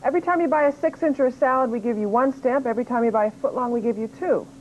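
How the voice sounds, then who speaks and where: A patient cashier explains a discount card, as a woman plays her in a training video, her voice on the higher side. Faint hiss runs under the old tape. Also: rapid-fire, highs cut off, natural voice. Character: patient female sandwich shop cashier. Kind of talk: scripted training video acting.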